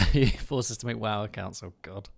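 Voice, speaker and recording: Over a streaming microphone, a man with a lowish, vocal-fry voice talks at a normal pace while commentating his gameplay live. He's loose and chatty with his audience, joking with them and thanking them.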